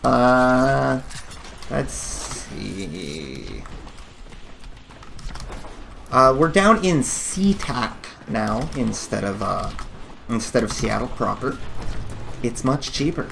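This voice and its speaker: A man's voice: medium pitch, vocal fry, a bit bright, slight background noise. A man hosting a gaming channel, giving rambling, jokey, self-deprecating commentary while he plays. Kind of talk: casual gameplay commentary. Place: home office.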